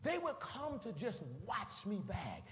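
A male preacher tells a story in an animated sermon, acting out scenes and rising to shouts at the peaks. His voice sits high for a man and swings widely. The sound carries a long hall reverb over faint room noise. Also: a little slow.

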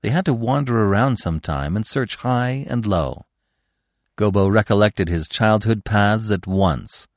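A man reading a classic story aloud as narrator, in an expressive, measured storybook style. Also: fairly low pitch, dry recording, clean studio sound.

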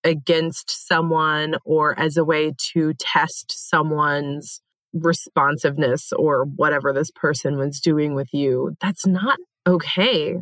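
Young woman co-host, low-pitched, frank and profane, dry studio mic. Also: fairly even intonation, takes it slowly, a bit bright, dry recording. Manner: candid, swears freely. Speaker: podcast co-host. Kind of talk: casual chat.

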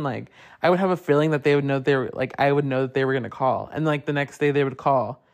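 A man's voice: fairly even intonation, fast, hardly any pauses. A young man hosting a podcast, telling a personal ghost story in a casual, profane way, full of fillers. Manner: chatty, profane, lots of "like" fillers; puts on high voices when quoting others. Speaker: podcast host.

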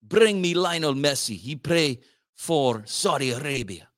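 A man's voice: fairly high pitch, animated, measured pace, fairly bright tone, no echo, clean studio sound. A man putting on a mock accent to play a boastful, rich foreign soccer club boss who speaks broken English.

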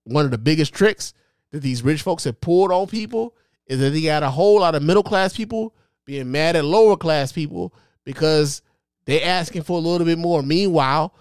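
A man's voice: on the high side, expressive, a little fast, darkish tone, smooth, no echo. A man hosting his own podcast, giving impassioned, profane solo commentary with lots of repetition and emphasis into a close mic. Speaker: podcast host.

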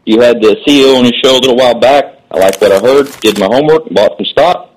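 A man calls into a market show with a casual, upbeat question about his stock. His voice sits in the middle range and is slightly husky. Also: mid-range voice, quick pace, rough recording. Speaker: caller. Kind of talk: phone-in question.

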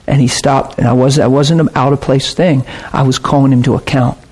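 A man's voice: medium pitch, steady tone, fairly quick, darkish tone. A man preaching with earnest intensity, retelling a personal story and acting out both sides of the conversation. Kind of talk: sermon storytelling.

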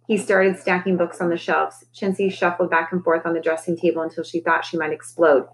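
A woman teacher reading a children's novel aloud to her class in a calm, steady storytelling voice. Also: lowish voice, a little fast, few pauses, slight background noise, poor audio.

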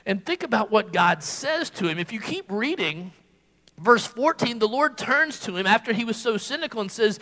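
A man delivers a sermon at a church service, his voice high and bright with a forceful edge. He presses his points emphatically and sinks into hushed, quiet delivery when he quotes. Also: animated, normal speed. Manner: emphatic, dropping to hushed tones for quoted words. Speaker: preacher.

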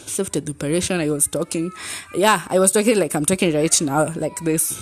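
Deep-voiced Kenyan woman, chatty. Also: a little fast, a little hiss or hum. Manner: chatty, switches between English and Swahili slang. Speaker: podcast host. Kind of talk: casual personal storytelling.

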